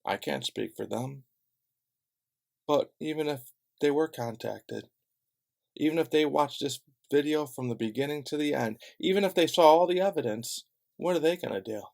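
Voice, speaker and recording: Gravelly sarcastic man ranting. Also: a little high, moderate pace, darkish tone. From Chicago. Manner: sarcastic, profane, heated. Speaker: vlogger. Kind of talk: direct-to-camera rant.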